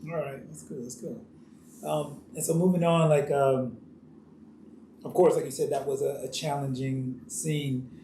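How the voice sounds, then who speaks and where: A man interviewing an actor in a relaxed, casual way, asking loose, rambling questions and affirming his answers. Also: medium pitch, a little slow. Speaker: interviewer, author. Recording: roomy echo with faint hiss.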